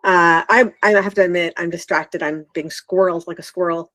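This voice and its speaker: A woman's voice: fairly low pitch, fairly even intonation, a little fast, fairly bright tone, no room sound. A woman, an author hosting a livestream, chatting in a bubbly, enthusiastic, slightly scattered way. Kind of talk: casual live chat.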